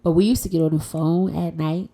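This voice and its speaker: A woman chats on her own podcast from home in a casual, unfiltered way. She is blunt and playful and swears freely. Her voice sits a little low. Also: fairly even intonation, fairly quick, dark tone. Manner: frank, profane and playful. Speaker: podcast host. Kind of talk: casual solo podcast chat.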